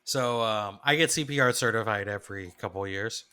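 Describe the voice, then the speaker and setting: A man co-hosting a podcast, telling stories in chatty, animated casual conversation. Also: on the low side, brisk, clear, resonant tone. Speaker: podcast co-host. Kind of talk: casual chat.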